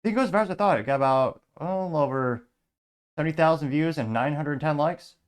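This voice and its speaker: A man's voice: on the high side, fairly quick, clear, resonant tone. A man hosting a commentary show, reading viewer comments aloud with a sarcastic edge.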